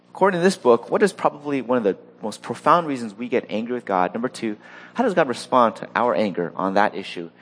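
Animated male preacher. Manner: animated, acts out quoted voices with rising pitch. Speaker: pastor. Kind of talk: sermon.

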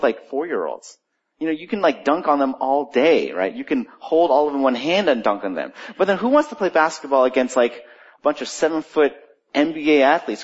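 Husky pastor, middle-aged man, chatty and animated sermon, muffled lo-fi recording. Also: mid-range voice. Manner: conversational, animated storytelling with rising energy. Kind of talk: sermon with prayer and storytelling. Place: church. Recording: dull lo-fi church recording.

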